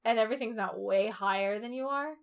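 A woman's voice: fairly high pitch, fast, gravelly. A woman co-hosting a podcast in casual chat, bubbly and chatty with lots of filler words. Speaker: podcast co-host.

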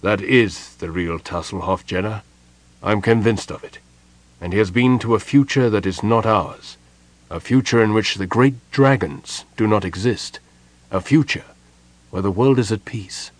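A man voicing a weary, guarded middle-aged husband who speaks in an earnest, measured way. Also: lowish voice, no echo, natural voice.

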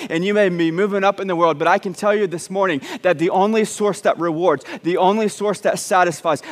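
A pastor preaching a sermon, emphatic and repetitive, with joking asides to the congregation. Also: male voice, a little high. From Southern United States (Arkansas, Texas). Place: church sanctuary. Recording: long church reverb.

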